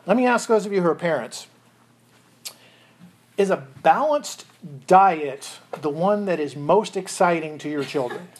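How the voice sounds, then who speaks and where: Husky earnest preacher man. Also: sits high. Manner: earnest, with many restarts and chuckles. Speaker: pastor. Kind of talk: sermon.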